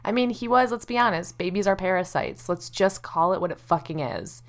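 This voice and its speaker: A woman co-hosting a podcast, irreverent and quick to laugh, swearing freely in casual chat. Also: on the low side. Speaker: podcast co-host.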